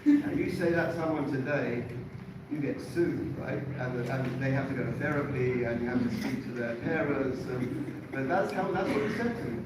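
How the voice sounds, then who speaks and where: A man in his fifties from England teaching a Torah class to students, earnest and animated, often repeating himself as he tells a personal story. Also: mid-range voice, normal speed. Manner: earnest, animated, self-correcting repetitions. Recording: echoey room, far from mic, noisy.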